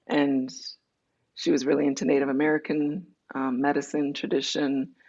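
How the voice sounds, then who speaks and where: A woman's voice: sits low, little pitch movement, darkish tone, highs cut off. A woman being interviewed, telling her personal story candidly and acting out the dialogue as she goes. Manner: candid, tells her story in quick runs with acted-out dialogue. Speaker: interview guest.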